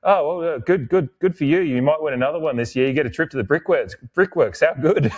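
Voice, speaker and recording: A man's voice: on the high side, sing-song, very fast, muffled recording, voice pushed up. A man doing a gloating, gleeful football fan.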